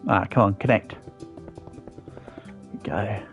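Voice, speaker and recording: A man's voice: lowish voice, slow, faint music behind. An English man in his thirties, chatting casually on a live stream and answering viewers' comments as he builds. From England. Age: 30s. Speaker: livestreamer.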